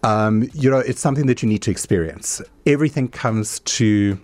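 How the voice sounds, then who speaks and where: A man's voice: medium pitch, fairly quick, a little mellow, dry recording. A man who is a chef and company founder, speaking as a guest in a radio interview in a thoughtful, hesitant way.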